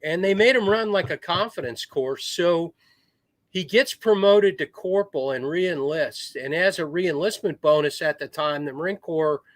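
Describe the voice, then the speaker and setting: A middle-aged man talks through long military anecdotes with plenty of restarts and acted-out quotes. His voice sits a bit high for a man. The sound is very dry and close, with no room around it. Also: moderate pace, no room sound. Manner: rambling war stories with restarts, acts out quoted voices. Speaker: podcast guest, retired Marine officer. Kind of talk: casual storytelling.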